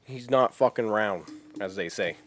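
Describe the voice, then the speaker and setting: A man's voice: fairly low pitch, moderate pace, fairly bright tone, faint music behind. A man co-hosting a podcast in casual chat, laid-back and teasing, laughing easily. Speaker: podcast co-host.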